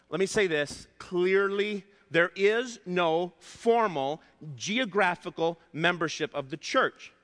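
A male pastor preaching a sermon, emphatic and repeating his key points, slowing down to stress words. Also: sits high, a bit bright. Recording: long hall reverb.

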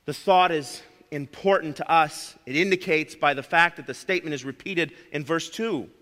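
A man's voice: on the high side, moderate pace, pushed and bright, in a large hall. A man preaching a sermon, emphatic, repeating his key phrases and calling his listeners friends.

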